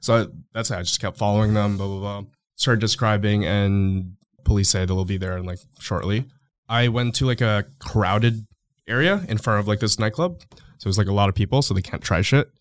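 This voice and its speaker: A man's voice: on the low side, a little fast, no room sound, clean studio sound. A man telling a story on a podcast in a loose, rambling way, full of fillers, now and then acting out other people's voices. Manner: rambling, filler-heavy, acts out quoted voices. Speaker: podcast guest. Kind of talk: casual storytelling.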